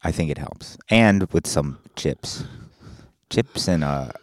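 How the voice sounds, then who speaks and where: A man's voice: a bass voice, animated, slow pace, dry recording, studio quality. A man co-hosting a podcast in casual chat, tossing in teasing jokes. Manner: joking, teasing banter. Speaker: podcast co-host.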